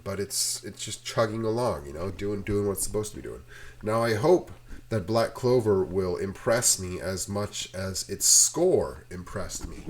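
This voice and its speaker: A man with a deep, low-pitched voice rambles casually to his viewers. He drifts from one loose tangent to the next in an easygoing way. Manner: meandering, drifts between tangents. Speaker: channel host. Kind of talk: casual rambling rant to camera.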